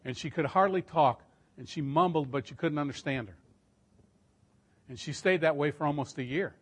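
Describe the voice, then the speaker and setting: A middle-aged man preaching a storytelling sermon, emphatic and swelling louder at key points. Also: on the high side, normal speed, breathy edge.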